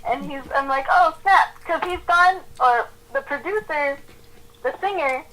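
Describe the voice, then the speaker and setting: A woman's voice: sits high, moderate pace, sharp tone, poor audio. A young woman co-hosting a podcast in casual chat, talking freely with lots of fillers. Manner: chatty, lots of "like". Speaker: podcast co-host.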